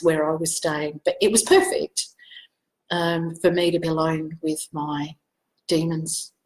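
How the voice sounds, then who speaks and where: A woman's voice: lowish voice, roomy sound, rough recording. A middle-aged Australian woman, a psychic medium, telling a personal story in an emotional, rambling way full of fillers and digressions. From South Australia.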